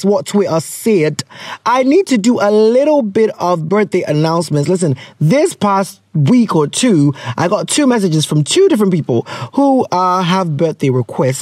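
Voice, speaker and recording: A man's voice: high voice, darkish tone, no room sound, studio quality. A man with a Ghanaian accent hosting a podcast from his closet at home, chatting casually and joking, slipping into local slang. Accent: Ghanaian English. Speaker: podcast host. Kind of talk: casual chat.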